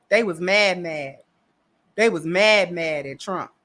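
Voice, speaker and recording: Bright-voiced sassy woman commentator. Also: on the low side, slow pace. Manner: sassy, emphatic, acts out quotes. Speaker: political commentator. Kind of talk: casual commentary vlog.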